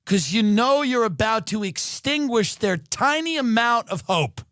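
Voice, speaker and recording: A man's voice: high voice, sing-song, unhurried, fairly bright tone, no room sound, clean studio sound. A man from New York hosting a podcast, delivering a sardonic, profane comedic rant with exaggerated emphasis. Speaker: podcast host.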